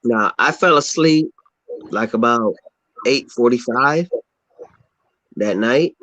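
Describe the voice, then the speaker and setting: A man telling a personal story in a casual group chat, slow and drawn out. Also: medium pitch, sharp tone, dry recording, poor audio.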